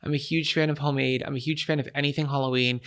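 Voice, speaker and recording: A woman's voice: very deep voice, racing. A woman co-hosting a podcast, chatty and dramatic as she tells stories in casual talk. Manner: animated, dramatic, chatty storyteller. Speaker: podcast co-host. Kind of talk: casual chat.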